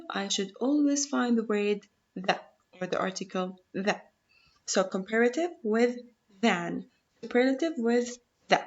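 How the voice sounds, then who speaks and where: A woman's voice: fairly high pitch, dull audio. A woman whose first language is Arabic, teaching an English grammar lesson patiently, repeating rules and checking in with "okay?".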